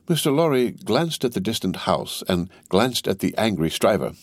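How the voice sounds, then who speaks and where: A man reading a classic novel aloud as narration, with measured, expressive storytelling. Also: on the low side, no echo, studio quality. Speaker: audiobook reader. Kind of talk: scripted narration.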